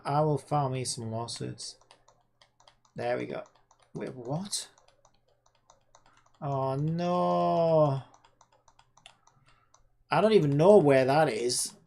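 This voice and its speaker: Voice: mid-range voice, slow pace, gravelly, pauses often, darkish tone. A game developer talking to themself while working, muttering and swearing in frustration at the screen. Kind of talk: casual self-talk while coding.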